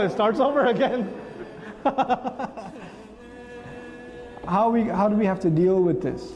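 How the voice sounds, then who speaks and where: A man's voice: sits high, slow, long pauses, highs cut off. A man giving a humorous parenting talk, acting out dialogues between parents and children. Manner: animated, acts out quoted dialogue. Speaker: parenting speaker. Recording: long reverb, faint music.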